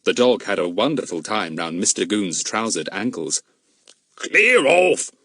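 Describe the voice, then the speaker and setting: A man narrating a children's audiobook in an expressive storytelling manner. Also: low voice, moderate pace, no room sound, clean studio sound. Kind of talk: scripted narration.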